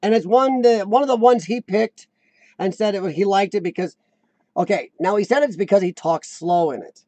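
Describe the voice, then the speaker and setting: A man's voice: sits high, normal speed, a little mellow, no echo. An American man hosting a casual live stream, chatting loosely with viewers and reading their comments aloud. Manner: chatty, rambling, reads chat aloud.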